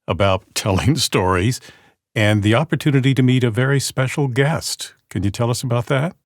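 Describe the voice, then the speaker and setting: A man hosting a book interview, asking measured questions. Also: mid-range voice, no echo, clean studio sound. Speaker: host.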